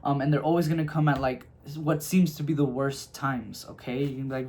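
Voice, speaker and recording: A man's voice: medium pitch, steady tone, fairly quick, darkish tone, a little hiss or hum. Affectionate chatty man giving a tarot reading. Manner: affectionate, calls listeners "my loves"; chatty, reassuring, frequent "okay?" check-ins. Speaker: tarot reader. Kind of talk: casual tarot reading to camera.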